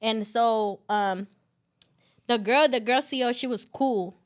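A woman with a fairly high voice tells her story as a podcast guest, casual and animated. She leans on fillers and swears freely as she talks. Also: slow pace, clean tone.

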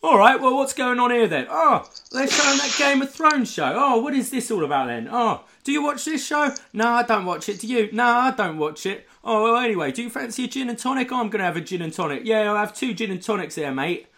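Guy putting on a squeaky british old geezer in a bar, nosy and clueless, yapping away. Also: expressive, a little fast, hardly any pauses, exaggerated voice. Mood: nosy chatter. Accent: put-on British. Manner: nosy, oblivious, loud chatter. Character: chatty older man in a bar.

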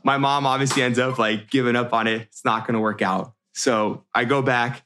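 A man in his thirties from the United States telling a personal story in a casual, animated way, with many restarts and fillers. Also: mid-range voice, normal speed, a little hiss or hum. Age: 30s.

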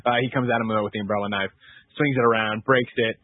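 Fast-talking man recapping a film. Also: lowish voice, steady tone, dry recording. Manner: rapid, profane scene-by-scene recap with quick quoted bits. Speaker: podcast co-host recapping a film. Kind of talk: casual chat. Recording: tinny phone-like sound.

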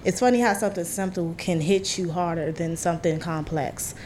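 A woman's voice: on the low side, brisk, a little mellow, a little hiss or hum. A woman in the audience introducing herself and asking a reflective question in a friendly way.

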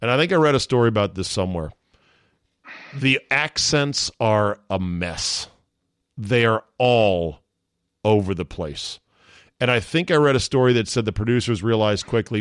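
A man's voice: fairly low pitch, moderate pace, clean tone, dry recording, studio quality. A man hosting a podcast in casual chat, blunt and opinionated, swearing freely. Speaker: podcast host.

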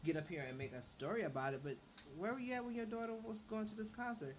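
A man's voice: high-pitched, quick pace, slight background noise. A man co-hosting a talk show, giving opinions in an emphatic, critical way. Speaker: radio show co-host. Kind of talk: casual chat, opinionated commentary.

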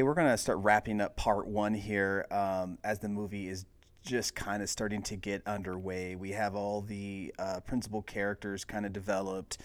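A man hosting a podcast, casually recapping a movie scene by scene in a relaxed, rambling way, full of filler words. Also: sits low. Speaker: podcast host.

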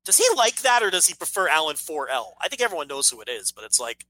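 A man's voice: on the high side, sing-song, fast, bright, forceful tone, rough recording. A man co-hosting a casual podcast, ranting emphatically with frequent swearing and restarts. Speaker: podcast co-host.

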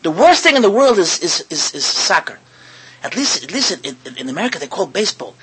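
Heard in a rough recording with a little hiss or hum, a man with a high voice gives a fairly quick sermon as a rabbi. He's lively and keeps posing rhetorical questions, repeating himself and mixing Hebrew and Yiddish words into his speech.

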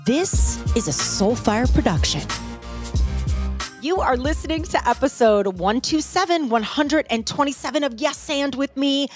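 Lively, animated woman podcast host. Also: sits high, a little slow, music in the background. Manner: animated, swears freely, acts out quotes in big voices. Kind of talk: casual podcast chat.

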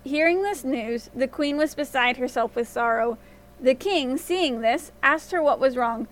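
A woman storyteller narrating a fairy tale in a gentle, expressive reading voice. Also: high voice, measured pace, slight background noise.

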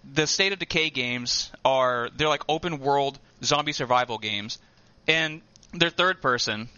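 A man's voice: medium pitch, clear, resonant tone, no echo. A man co-hosting a casual gaming podcast, telling stories and acting out what people said. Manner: animated storytelling, acting out quotes, laughing. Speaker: podcast co-host. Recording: dull lo-fi dry sound.

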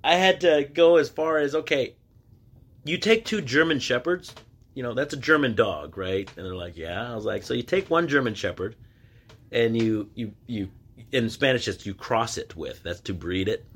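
A man's voice: mid-range voice, animated, moderate pace, a bit bright. A man hosting a solo podcast, telling stories in a loose conversational way, often restarting his sentences and acting out what other people said. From United States. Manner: conversational storytelling, acting out quoted voices; frequent restarts and filler words. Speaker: podcast host. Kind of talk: casual solo podcast monologue.

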